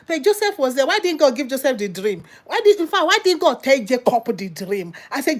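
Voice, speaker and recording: A woman's voice: high voice, brisk. A woman preaching an impassioned sermon, full of exclamations and rhetorical questions. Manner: animated, exclamatory, rhetorical questions and sudden laughs.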